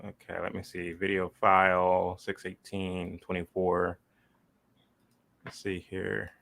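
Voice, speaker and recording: A man's voice: deep voice, monotone, takes it slowly, gravelly, fairly bright tone. A man hosting a casual political talk show, sarcastic at times and fumbling with fillers. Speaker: host.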